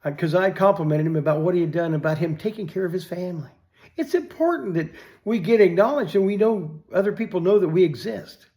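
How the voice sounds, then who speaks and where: A man's voice: high voice, dull audio. An older man telling a story in a folksy, rambling way, often repeating "I said", then reflecting on faith.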